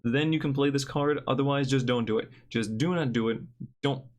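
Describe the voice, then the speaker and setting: A man's voice: medium pitch, a little fast. A young man giving a casual, joking card review with blunt opinions.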